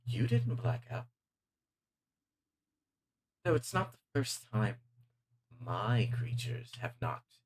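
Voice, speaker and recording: A man's voice: mid-range voice, darkish tone, pitched above the performer's own voice, close to an everyday voice. A man voicing a haughty male archdemon with a put-on British accent, mocking and menacing.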